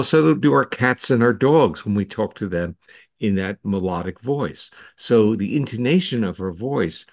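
A man, a scientist guest in an interview, explaining ideas in a steady lecturing manner with occasional restarts. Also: lowish voice, no echo, studio quality.

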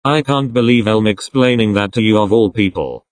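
A man's voice: fairly low pitch, moderate pace, no room sound, natural voice. A man voicing a blunt, protective young man who talks in a bossy, teasing, crude way. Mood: stern.

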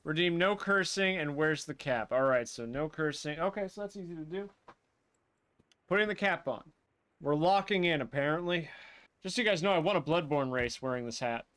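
Streaming a live playthrough, a man speaks at normal speed in a smooth voice pitched on the high side. His commentary is animated and full of free swearing, aimed both at his chat and at the characters in the game.

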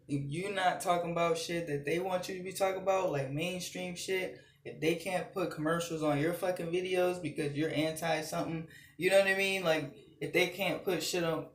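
A man's voice: a little high, fairly even intonation, moderate pace, roomy sound, slight background noise. A man ranting heatedly into his phone camera, swearing often and repeating himself. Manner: heated, profane, repetitive. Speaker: channel host. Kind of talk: angry ranting vlog.

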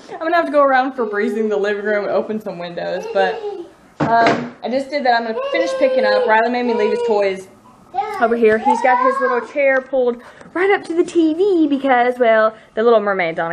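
Talking to her camera at home in the living room, a Southern US mom in her thirties rambles through a casual chat and laughs a lot. Her voice is on the high side, and background noise can be heard.

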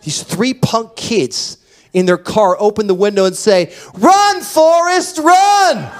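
A man preaching a sermon as pastor, telling stories with a voice that drops to a hush and then rises loud. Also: sits high, unhurried. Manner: animated storytelling, dropping to a hush then rising loud. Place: church hall.

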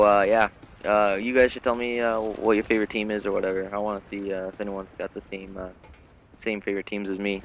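Low-voiced 18 yo guy doing chill game commentary, lots of ums, gunshots going off behind. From Canada. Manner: laid-back, many ums and uhs. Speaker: gaming commentator. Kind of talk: casual gameplay commentary. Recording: gunfire noise from game audio.

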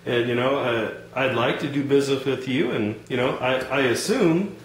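A man's voice: mid-range voice, normal speed, reverberant, slight background noise, lightly acted, poor audio. A man playing a polite, frustrated customer. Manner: calm, hesitant, over-polite, lots of fillers.

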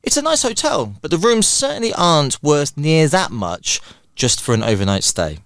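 A man voicing a sharp-witted old woman arguing with a hotel manager, in a raised, squeaky voice. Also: big pitch swings, moderate pace, gravelly, no echo, clean studio sound, exaggerated voice. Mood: indignant.

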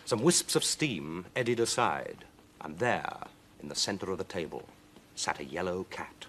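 A man reading a children's story aloud in a lively, expressive way. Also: low voice, normal speed.

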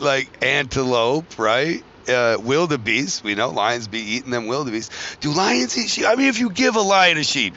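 A man's voice: on the high side, bright, forceful tone. A man hosting a podcast, rambling casually from one tangent to the next, joking and swearing freely. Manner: joking, profane, wanders between tangents. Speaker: podcast host. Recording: dull lo-fi recording.

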